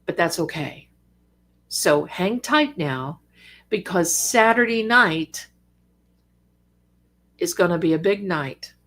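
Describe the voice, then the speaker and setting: An older woman hosting a psychic live stream in casual, affectionate chat, calling her viewers darlings, with bursts of lively excitement. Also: lowish voice, takes it slowly, pauses often. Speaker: psychic livestream host.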